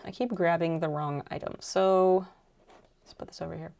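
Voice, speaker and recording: A young adult woman streaming while she crafts, chatting casually and rambling softly as she thinks aloud. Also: lowish voice, steady tone, fairly quick, creaky.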